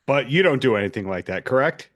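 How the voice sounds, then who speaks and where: A male podcast host with a voice of ordinary pitch leads an interview. He frames his questions at length, speaking in a measured, conversational manner. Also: lively intonation, a bit bright.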